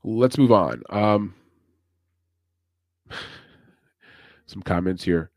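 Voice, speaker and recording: A man's voice: on the low side, extremely slow, darkish tone, dry recording. Chatty man hosting a betting podcast. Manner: loose, chatty, thinks aloud. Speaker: MMA betting podcast host. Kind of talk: casual chat.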